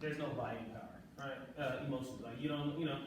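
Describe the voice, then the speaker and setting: A man leading a leadership workshop, energetic and coaxing, asking the room questions, recorded from far off in an echoey room. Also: medium pitch, quick pace, background noise. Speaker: leadership trainer. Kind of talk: live workshop facilitation.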